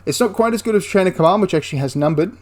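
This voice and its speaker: A man's voice: high-pitched, animated, rapid-fire. A man giving a casual, enthusiastic spoken review of a tabletop wargame, rambling into asides and restarting his sentences.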